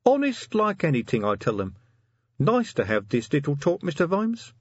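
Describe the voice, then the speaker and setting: A man's voice: on the high side, huge pitch swings, normal speed, breathy edge, no echo, dull audio, pitched above the performer's own voice, exaggerated voice. A man voicing a sly male troll crime boss who talks in a musing, mock-friendly way.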